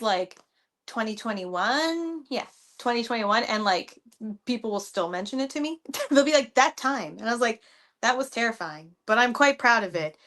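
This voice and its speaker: A woman who wrestles, guesting on a podcast and telling stories in an animated way, full of "like". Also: on the high side. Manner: animated storytelling, heavy use of "like". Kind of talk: casual podcast chat.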